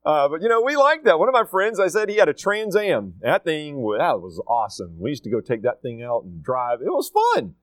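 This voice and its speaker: A man's voice: on the high side, huge pitch swings, fairly quick, few pauses, dry recording. A middle-aged man gives a casual, emphatic talk to students, repeating his key points. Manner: emphatic, repeats key phrases, acts out quotes. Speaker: school leader addressing students.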